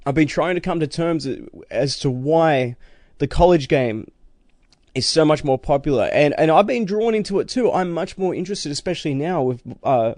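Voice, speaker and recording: A man's voice: a little high, a little mellow, no room sound, studio quality. A man hosting a sports podcast, talking in a rambling, emphatic way. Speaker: podcast host. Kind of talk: casual sports podcast chat.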